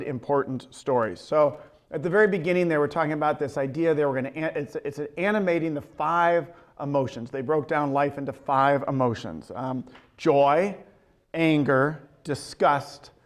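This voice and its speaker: A man teaching a Bible study, telling a story in a conversational way with many ums and restarts. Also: on the high side. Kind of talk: casual teaching talk.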